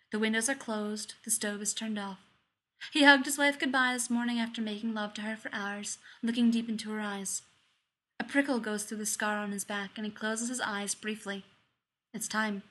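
Female audiobook narrator with a slightly high voice, reads fiction with measured, expressive delivery. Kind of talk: dramatic fiction reading.

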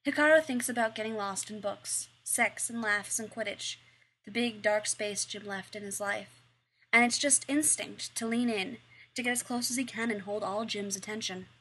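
A woman reads a story aloud with expressive, wry delivery. Her voice is bright and clear, and she keeps a steady storytelling pace. The narration sounds like a spoken audiobook. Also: medium pitch, moderate pace. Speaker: reader.

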